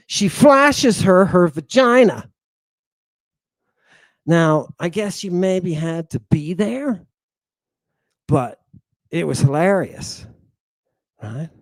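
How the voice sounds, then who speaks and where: A man with a fairly high voice lectures slowly and deliberately, stretching out his points. He sounds playful and emphatic, often tossing a question back at the listener. The sound is close and dry, with no room around it. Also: a little mellow, no echo. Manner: emphatic and playful, keeps asking "right?". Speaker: host.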